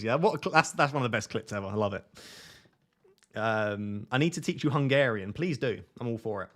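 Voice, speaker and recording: Male stream host, mid pitch, casual and self-mocking while reading chat, desk mic at home. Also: animated, moderate pace, fairly bright tone. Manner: jokey, self-mocking, reads chat aloud. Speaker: fantasy football streamer. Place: home at night.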